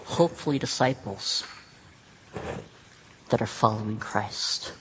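A male pastor delivers a sermon in an earnest, emphatic way, leaning on repeated phrases. He speaks at an unhurried, deliberate pace and mid pitch. The sound carries a long hall reverb with faint room ambience underneath. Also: fairly bright tone, a little hiss or hum.

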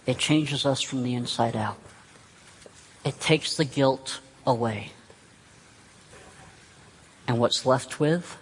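Slow, earnest male preacher. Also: medium pitch, in a large hall, a little hiss or hum, low-quality recording. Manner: earnest, emphatic repetition. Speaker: pastor. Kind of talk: sermon.

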